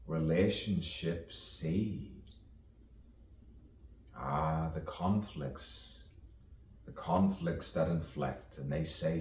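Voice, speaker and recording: A man with an extremely deep voice delivers a spoken-word monologue slowly, leaning on rhythm, repetition and wordplay. He sounds set back from the mic in an echoey room. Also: a little mellow, recorded from a distance, a little hiss or hum.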